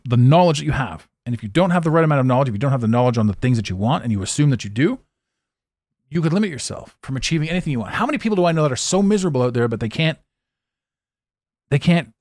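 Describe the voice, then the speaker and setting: A man's voice: medium pitch, a little mellow, no echo, studio quality. A man hosting a podcast, talking bluntly in a casual motivational monologue and swearing freely. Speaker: podcast host and life coach.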